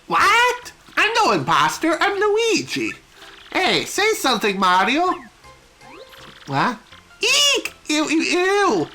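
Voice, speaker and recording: A woman's voice: sits high, expressive, measured pace, music in the background, voice pushed up. A woman voicing a giddy young female fan who gushes and squeals, reading game dialogue aloud. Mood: panicked. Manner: squealing, breathless gushing.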